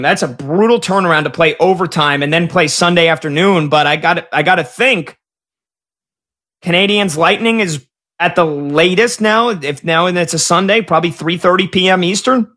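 A man hosts a live sports talk show, recapping game results as they break. His voice sits high and rings bright and forceful. He reacts with quick excitement. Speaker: sports betting show host.

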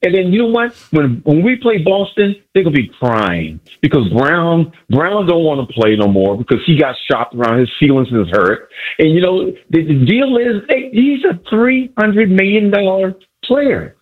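A male caller phoning a sports radio show, excitedly boasting about his team and repeating himself. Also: on the high side, normal speed, phone-quality sound.

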